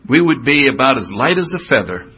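An older man telling his recovery story in a personal talk, animated, acting out the voices of the people he describes. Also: mid-range voice, brisk, breathy edge. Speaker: recovery speaker. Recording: dull lo-fi recording.

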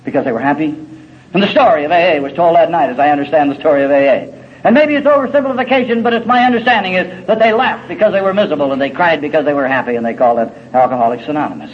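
High-voiced man telling a gritty, funny testimony. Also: racing. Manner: folksy, salty storytelling with wry humor. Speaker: speaker at a recovery meeting. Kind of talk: personal testimony talk. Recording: dull lo-fi recording with faint hiss.

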